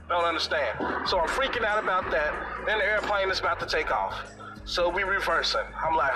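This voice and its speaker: A man telling a comic story in an animated, exaggerated, slangy way, with music playing underneath. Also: sits high, brisk, low-quality recording.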